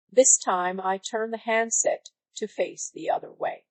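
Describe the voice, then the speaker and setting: A synthetic woman's voice reading a story aloud in a flat, even way, as narrator. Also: mid-range voice, a little slow, vocal fry, hardly any pauses, dry recording, low-quality recording.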